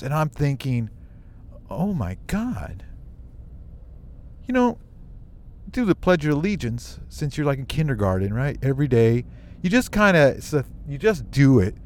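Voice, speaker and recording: A man from the United States telling a personal story on his own show, animated and emotional, with quick asides. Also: on the high side, clear, resonant tone.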